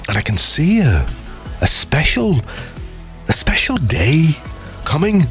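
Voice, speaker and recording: A mystic female fortune teller speaks in slow, weighty tones, put on by a man. Her delivery is drawn out and portentous. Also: a little high, wildly swooping pitch, a bit bright, soft background music, pitched above the performer's own voice, heavily acted. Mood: mystical.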